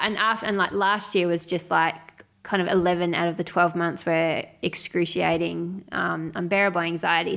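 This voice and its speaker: A woman co-hosting a podcast in casual chat, candid and quick to laugh, with frequent fillers. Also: medium pitch, vocal fry, fairly bright tone. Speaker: podcast co-host.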